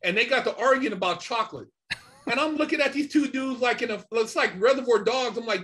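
High-voiced man telling a story. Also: brisk. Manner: animated, swears a lot, many fillers. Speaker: podcast guest. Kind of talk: casual storytelling.

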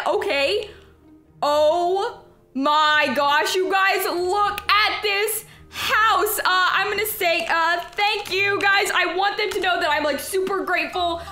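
A woman doing casual gameplay commentary, gushing excitedly to her viewers and reading chat messages aloud. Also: extremely high pitch, unhurried, reverberant, soft background music. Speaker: gaming YouTuber.

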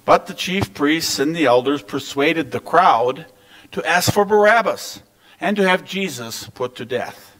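A pastor reading scripture aloud at a worship service, measured and solemn, with line ends falling quiet. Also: male voice, a little high, animated, rough recording.

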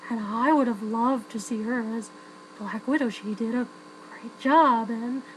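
A woman's voice: a little high, unhurried, a little hiss or hum, poor audio. A woman giving a frank, chatty spoken film review, full of fillers and restarts.

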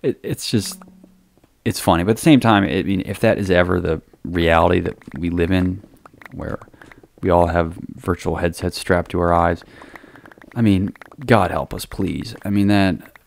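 A man's voice: deep voice, steady tone, normal speed, creaky, slight background noise. A man hosting a casual monologue, talking loosely with lots of ums, restarts and small chuckles. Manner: hesitant, many ums and restarts, chuckling asides. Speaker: podcast host.

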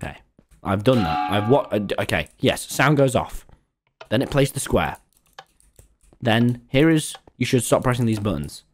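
A man streaming a game live, talking to viewers and ranting excitedly at the screen. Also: mid-range voice, normal speed, a little hiss or hum. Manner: excitable, exasperated, swears and rants at the screen. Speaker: gaming streamer.

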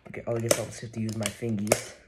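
A man chatting casually while opening trading cards, joking with mock threats and excitable reactions. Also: on the low side, very fast, heavy background noise. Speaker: card-opening vlogger.

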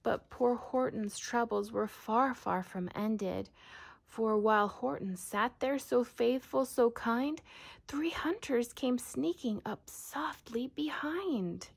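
A woman reading a children's storybook aloud in a soft, often whispered voice. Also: on the high side, slow pace, vocal fry, husky.

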